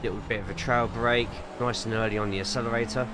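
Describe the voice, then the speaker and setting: A man's voice: medium pitch, steady tone, quick pace, background noise. An English man streaming a racing sim, chatting loosely with viewers and giving driving tips. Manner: chatty, rambling, reads viewer chat aloud between driving tips. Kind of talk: casual live-stream chat while driving.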